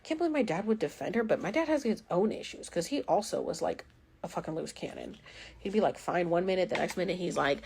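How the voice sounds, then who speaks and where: A woman's voice: lowish voice, lively intonation, a little fast, a little mellow, breathy edge. A woman in her thirties telling her own story in a candid vlog, emotional and blunt, swearing freely. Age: 30s. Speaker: vlogger.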